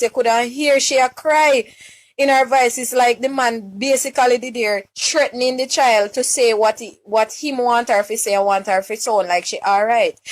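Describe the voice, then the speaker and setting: A young Jamaican woman on a live stream, distraught and close to tears, pleading for help, questioning her listeners and often repeating and restarting her words. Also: a little high. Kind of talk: emotional live-stream plea.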